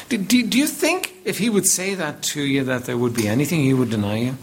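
A man's voice: a little high, very animated, brisk, a little hiss or hum. A man preaching a sermon as pastor, reading scripture aloud and emphatically repeating words as he builds his points.

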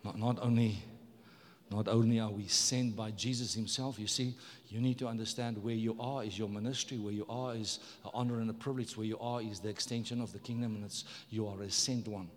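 A man's voice: fairly low pitch, fairly even intonation, fairly quick. Emphatic male preacher in a reverberant church. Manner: emphatic preaching, repeats words, calls on the congregation. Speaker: pastor. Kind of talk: sermon.

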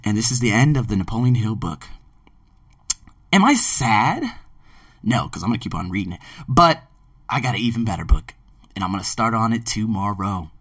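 A man hosting a podcast and reviewing a book, talking emphatically and swinging between loud outbursts and low murmurs. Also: animated, moderate pace, pauses often, no echo, recorded from a distance. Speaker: podcast host. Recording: dry, set back from the mic.

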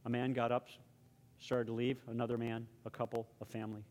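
A male pastor preaching a sermon, telling a story dramatically and then going hushed for prayer. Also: medium pitch, level tone, fairly quick.

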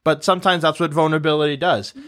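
A man's voice: fairly high pitch, fairly even intonation, quick pace, a bit bright. A young man hosting a podcast panel, chatting casually and telling stories with many fillers. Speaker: podcast host.

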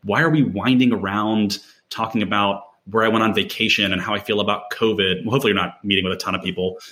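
A man's voice: lowish voice, steady tone, quick pace, bright, forceful tone. A man in casual conversation, talking in a rambling way with many fillers and restarts.

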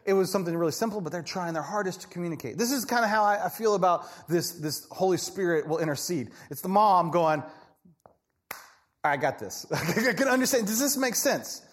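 A male pastor giving a sermon with a somewhat high voice. His pitch swings widely as he talks casually and animatedly, checking in with "right?" and slipping into voices for quoted people. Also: fairly quick. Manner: conversational, animated, keeps asking "right?".

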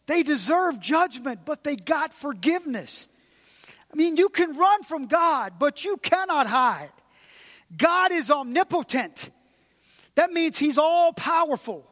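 A man's voice: extremely high pitch, lively intonation, a little slow, a bit bright, big-room sound. A man preaching a sermon as pastor, emphatic and repetitive, sometimes dropping to a near-whisper. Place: large church.

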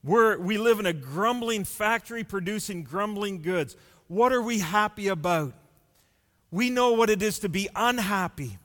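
A male pastor delivering a sermon in a slightly high voice, speaking very slowly and deliberately. He stacks up rhetorical questions one after another. His voice rings out with a long reverb, as in a large church hall. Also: fairly bright tone.

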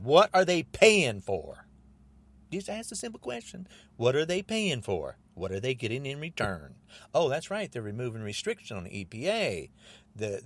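Angry ranting man, lively pitch. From United States. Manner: agitated, repetitive, rising to near shouting. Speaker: podcast host. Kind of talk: angry political rant.

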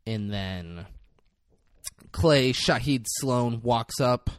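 A man in casual podcast chat, retelling a film scene with animated, loud impressions and lots of swearing. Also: medium pitch, very slow, no echo, studio quality. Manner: animated, acts out quotes loudly, swears a lot.

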